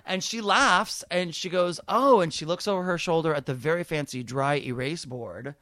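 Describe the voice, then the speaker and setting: Campy gay comic guy dishing stories, kinda high voice, swears a lot, dry close mic. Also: moderate pace, no echo. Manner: campy, profane, animated storyteller. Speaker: comedian, podcast host. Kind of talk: casual storytelling chat.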